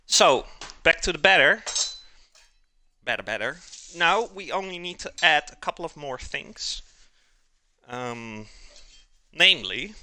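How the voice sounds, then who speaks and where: A man's voice: a little high, pushed and bright, a little hiss or hum. A man, chatting casually with his viewers during a live cooking stream in his home kitchen and chuckling often.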